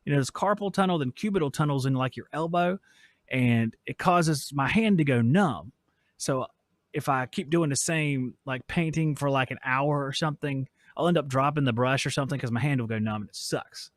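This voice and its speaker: A man's voice: mid-range voice, moderate pace, dry recording, clean studio sound. Joking middle-aged man hosting from his shop. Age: 40s. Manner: joking, rambling, reads chat aloud. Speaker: podcast host. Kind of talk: casual live stream chat. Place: workshop. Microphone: switches mics midway.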